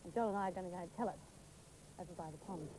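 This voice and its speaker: A woman presenting children's TV outdoors by a pond, gentle and expressive. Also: lowish voice, very fast, a little hiss or hum, rough recording. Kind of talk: children's TV songs and storytelling.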